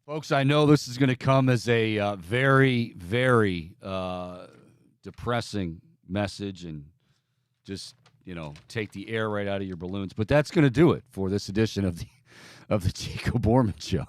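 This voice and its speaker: A man's voice: fairly low pitch, normal speed, no echo. A man hosting a studio sports talk show, breaking down plays and rattling off upbeat plugs and a sign-off. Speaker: sports radio host.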